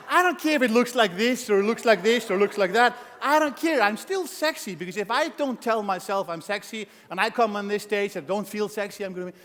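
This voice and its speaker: High-voiced male speaker in an echoing hall. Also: a little fast, hardly any pauses. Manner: energetic, shouts to rouse the crowd, acts out voices. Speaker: motivational speaker. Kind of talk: motivational stage talk. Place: large conference hall. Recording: long hall reverb.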